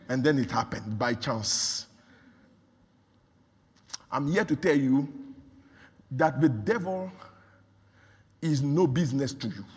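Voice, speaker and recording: Fervent male preacher, high lively voice. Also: breathy edge. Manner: builds from quiet to shouting fervor; repeats phrases for emphasis. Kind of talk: sermon. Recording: long hall reverb.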